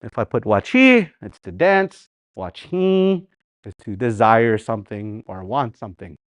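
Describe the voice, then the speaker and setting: A man teaching a live language class, animated, repeating words slowly for practice and sometimes singing phrases to show their tune. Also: lowish voice, dry recording.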